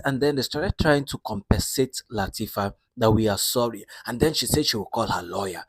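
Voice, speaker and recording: A man's voice: medium pitch, fairly quick, few pauses, slightly rough, dry recording. A man casually retelling a film's story in a chatty, repetitive way. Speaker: movie recap narrator.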